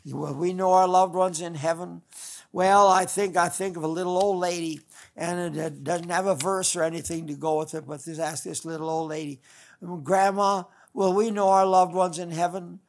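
A man's voice: fairly high pitch, steady tone, moderate pace, vocal fry. An older man, a pastor, preaching a folksy, rambling sermon full of restarts.

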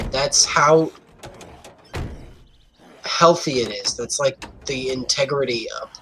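A man guides his friends through a zombie game over voice chat, giving orders and setting them straight. Soft game music plays underneath. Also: mid-range voice, takes it slowly, pauses often. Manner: directive, correcting others. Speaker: gamer leading the group. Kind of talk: casual gaming chat.

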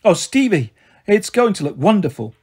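A man's voice: very animated, moderate pace, breathy edge, exaggerated voice. A man reading aloud, voicing a flighty, affectionate young mother in a storybook. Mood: excited. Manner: gushing and breezy, high and bright.

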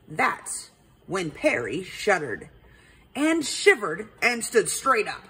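A woman reading a children's picture book aloud, narrating gently and playfully. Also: mid-range voice, sing-song, slow, husky. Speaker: storyteller.

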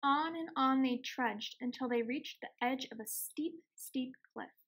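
A woman reading a children's picture book aloud, gentle and expressive. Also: high-pitched, a little slow, husky. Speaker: extension outreach reader. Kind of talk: storybook read-aloud.

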